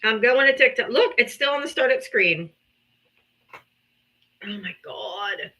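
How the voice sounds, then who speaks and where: Female streamer, 40s, bright animated voice, frustrated and laughing at her phone. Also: on the high side, measured pace. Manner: exasperated, laughing, swearing. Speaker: livestream host. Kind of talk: casual livestream chat.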